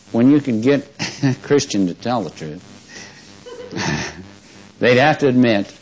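A man's voice: on the low side, a little mellow, low-quality recording. A man preaching a sermon in a conversational manner, chuckling often and drawing out words when he stresses a point. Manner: conversational preaching that swells to emphatic, drawn-out stresses.

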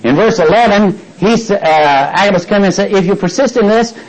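A man's voice: sits high, brisk, rough recording. A man preaching a sermon, retelling a scripture story, acting out its speakers and prompting the congregation to finish his lines, with frequent restarts.

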